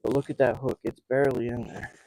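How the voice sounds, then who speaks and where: A man live-streaming a night fishing trip from a small boat, talking in an excited, rambling way and breathing heavily. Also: medium pitch, fast talker, no echo, low-quality recording. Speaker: fishing vlogger. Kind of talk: live outdoor fishing vlog.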